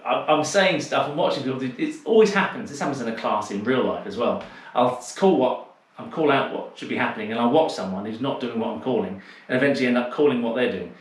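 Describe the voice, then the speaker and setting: A man's voice: mid-range voice, fast, recorded from a distance. A man teaching a dance class over a video call, calling out steps and chatting with a teasing manner. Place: home room on a video call. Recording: very echoey room.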